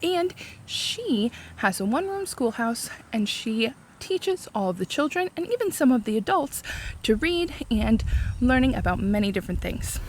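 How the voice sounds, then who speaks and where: A woman reading a chapter book aloud for a read-along, expressive and explaining the story in simple terms. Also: a little high, normal speed, slight background noise.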